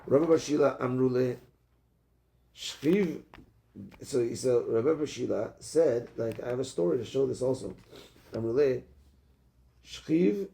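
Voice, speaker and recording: A man, a rabbi, teaching a Talmud class, reading out the text and translating it into casual talk, with many halting restarts. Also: medium pitch, vocal fry, mellow, slight background noise.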